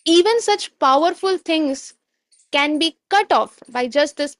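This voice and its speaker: A woman tells a devotional story in a lively way, wandering off now and then and pausing to hunt for a word. Her voice is high, and it sounds close and dry in a quiet room. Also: no room sound. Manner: animated, digressive, searches for words.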